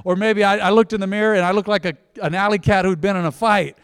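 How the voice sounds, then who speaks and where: A man preaching a sermon as pastor, in a conversational, emphatic manner that swings between loud bursts and soft asides. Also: high-pitched, fairly even intonation, fast talker, smooth, no room sound, studio quality, long reverb tail.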